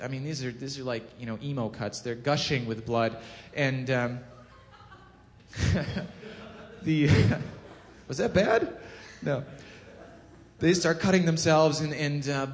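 A man giving a casual sermon, telling a scripture story with lively acted-out quotes and frequent self-corrections. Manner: animated storytelling, acts out quotes with rising pitch and volume; self-corrects, chuckles at own jokes. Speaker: preacher. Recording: long hall reverb.

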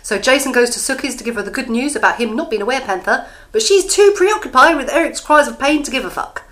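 A woman's voice: high-pitched, expressive, quick pace, a bit bright. An English woman co-hosting a podcast, recapping a TV episode in casual chat and laughing often. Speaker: podcast co-host.

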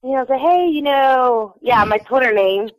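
A woman's voice: high-pitched, expressive, moderate pace, dry recording, rough recording. A young woman from Houston telling a bubbly, giggly fan story, full of fillers. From Houston, Texas. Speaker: fan recounting a trip. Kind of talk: casual chat.

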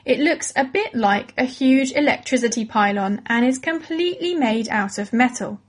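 Lady teaching kids, clear and patient, slightly high voice. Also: expressive, normal speed. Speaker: presenter of a children's educational podcast. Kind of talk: scripted educational narration for children.

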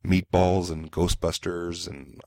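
Deep-voiced man rambling about movies. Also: little pitch movement, vocal fry, darkish tone, no echo. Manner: rambling, halting, with many fillers. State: hungover. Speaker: podcast co-host. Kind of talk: casual movie review chat.

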